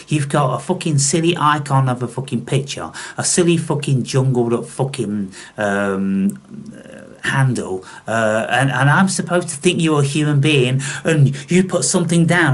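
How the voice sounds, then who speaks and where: A man hosting a spiritual video channel, ranting bluntly at his viewers and swearing constantly with scorn. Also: medium pitch.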